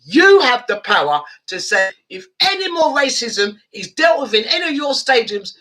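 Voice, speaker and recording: Lady host going off passionately, bright voice. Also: fairly high pitch, sing-song, normal speed. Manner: passionate, heated. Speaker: radio show host. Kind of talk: impassioned show chat.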